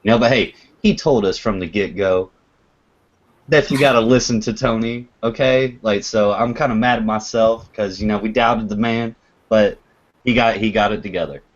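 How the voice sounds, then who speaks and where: A man's voice: on the low side, normal speed, highs cut off. A man in casual livestream chat, telling stories animatedly and swearing freely.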